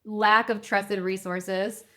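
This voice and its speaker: A woman speaks as a podcast guest and advisor, answering questions in an earnest, measured way. Her voice sits at a middle pitch for a woman. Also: little pitch movement, a bit bright. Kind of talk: interview answers.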